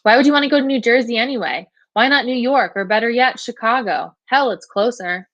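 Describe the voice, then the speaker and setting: A woman's voice: on the high side, a little fast, fairly bright tone, no echo, muffled recording, voice pushed up, close to an everyday voice. A woman voicing a friendly, teasing teenage boy. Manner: teasing, casual.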